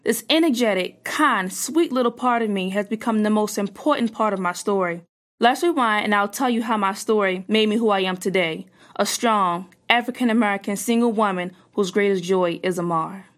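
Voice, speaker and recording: A young woman earnestly reading a personal story aloud, in a measured storytelling manner. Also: medium pitch.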